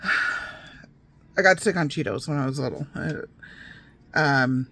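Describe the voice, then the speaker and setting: A woman's voice: a bass voice, slow pace, vocal fry, sharp tone. A woman reading her memoir aloud in a casual, unpolished way. She keeps breaking off into wry, digressive asides to her listeners before picking the thread back up. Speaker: memoir narrator.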